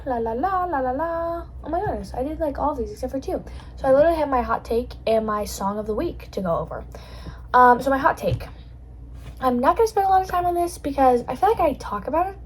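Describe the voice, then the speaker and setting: A woman's voice: a little high, slight background noise, poor audio. A young adult woman hosting a casual solo chat, rambling in a bubbly way with lots of fillers. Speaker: podcast host.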